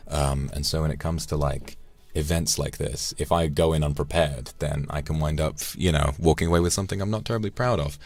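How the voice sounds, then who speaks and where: A man's voice: extremely low pitch, fairly even intonation, brisk, a little mellow, no echo. A man chatting casually on a live stream, reflecting aloud and thanking viewers by name between thoughts. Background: faint background music.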